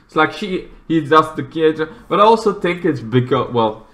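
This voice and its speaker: Guy rambling thru a movie review, bright voice, keeps restarting. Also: on the high side, lively intonation, moderate pace. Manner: rambling, restarts often, acts out characters with sudden shouts.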